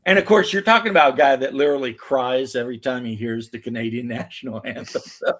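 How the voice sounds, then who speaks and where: A man's voice: medium pitch, brisk. An American man telling stories in loose, profane casual chat. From United States. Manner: animated storytelling, swearing. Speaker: podcast host.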